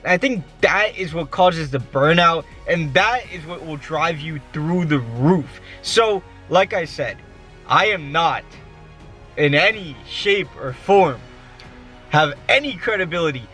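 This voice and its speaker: Young man, casual swearing, winded, walking vlog, phone mic, higher-pitched. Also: animated, unhurried, bright, forceful tone, faint music behind. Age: young adult. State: out of breath. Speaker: college student vlogger. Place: outdoors in the cold.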